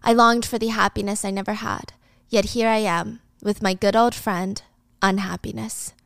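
A woman's voice: mid-range voice, fairly even intonation, normal speed, gravelly, a bit bright, no echo, clean studio sound. A woman voicing a dying wife betrayed by her husband and best friend, bitter and despairing.

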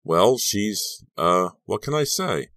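A man's voice: fairly low pitch, sing-song, slow pace, fairly bright tone, no room sound, studio quality, voice pushed up, full character voice. A man voicing a tired, edgy teenage boy who answers with weary sarcasm, in an audiobook reading.

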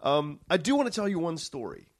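A podcast host tells a story casually and with animation, swearing freely and acting out what people said. His voice is a little high and a little fast, captured in a dry, clean studio recording.

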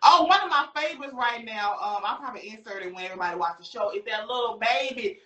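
A woman's voice: on the high side, fast, reverberant. A woman, chatting casually as co-host and laughing often. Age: 30s. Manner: animated, laughs often, southern slang. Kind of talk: casual group chat.

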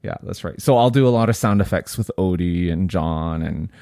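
A relaxed man co-hosting a family podcast, his voice sitting unusually low. He chats casually and laughs easily, recorded close and dry with no room sound. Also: normal speed, no echo. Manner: easygoing, laughs often. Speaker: podcast co-host and father.

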